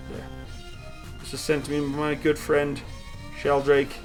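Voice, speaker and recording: A man's voice: a little high, monotone, unhurried, long pauses, music in the background. A man hosting a casual live stream from a room at home, reading viewer comments aloud and answering them upbeat.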